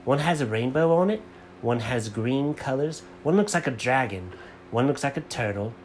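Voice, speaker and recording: A man's voice: mid-range voice, lively intonation, moderate pace, slight background noise, natural voice. An earnest, somewhat exasperated man on a quest, as a father plays him in a made-up bedtime story. His tone rises and dips animatedly. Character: flustered man who lost his backpacks.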